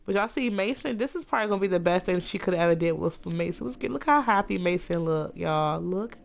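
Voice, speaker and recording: A woman's voice: fairly low pitch, lively intonation, vocal fry. Gushing woman narrating her Sims game. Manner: chatty, gushing, voices her Sims in quick asides. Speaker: Sims let's play narrator. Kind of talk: casual gameplay commentary.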